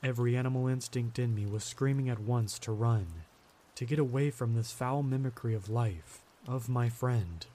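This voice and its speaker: Man narrating a horror story, mellow tone. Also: medium pitch, moderate pace, a little hiss or hum.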